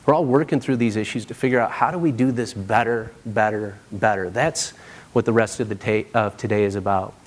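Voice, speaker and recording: A man's voice: lowish voice, brisk. A man in his thirties giving a conference keynote, telling stories and often checking in with "right?". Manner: animated, acts out quotes, frequent "right?". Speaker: keynote speaker. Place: conference stage.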